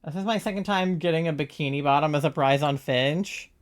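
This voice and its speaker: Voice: mid-range voice, brisk. A live streamer from the Southern United States with a mild Southern accent, chatting casually and swearing freely while gaming, throat sore. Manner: chatty, loose and swearing, often laughing.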